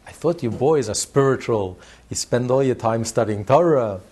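A man voicing a smug wealthy man who boasts of staying calm, with a husky voice. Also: medium pitch, normal speed, natural voice.

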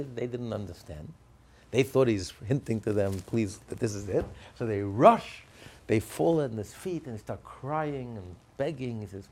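An unhurried man with a husky, medium-pitched voice tells a story to teach a religious lesson. His narration is energetic and animated, and he performs what each character says.

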